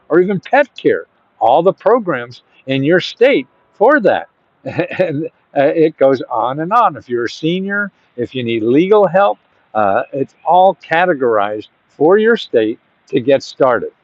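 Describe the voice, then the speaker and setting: A man's voice: fairly high pitch, dry recording. Chatty man with a dull, lo-fi sound. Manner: rambling and chatty, with bursts of emphatic urging. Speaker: host giving grant advice. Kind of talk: casual direct-to-camera talk. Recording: dull, dry lo-fi audio.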